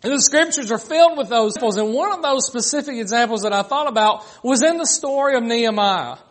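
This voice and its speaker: A man's voice: extremely high pitch, quick pace, a bit bright. A man preaching a sermon, acting out the mocking voices of critics.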